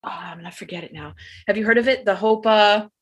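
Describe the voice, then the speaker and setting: A woman's voice: medium pitch, fast talker, husky, muffled recording. Earnest, reflective woman co-host. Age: adult with a young daughter. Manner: reflective, earnest, trailing off mid-thought. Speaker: podcast co-host. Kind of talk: casual chat.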